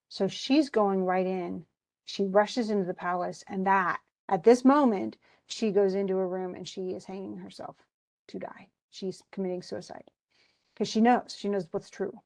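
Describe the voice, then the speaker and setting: A woman with a medium-pitched, darkish voice and fairly even intonation teaches a class. She retells a tragedy in casual speech, briefly acting out the characters' lines in quick voices.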